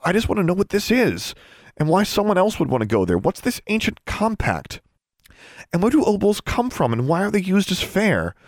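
A man voicing a curious young witch girl who asks quick questions. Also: lowish voice, animated, darkish tone, dry recording, studio quality, lightly acted. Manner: inquisitive, rapid questions.

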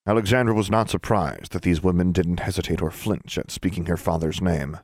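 A man narrating a story as an audiobook reader, in an expressive storytelling manner. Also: low-pitched, fairly quick, few pauses, dry recording, clean studio sound. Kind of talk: scripted narration.

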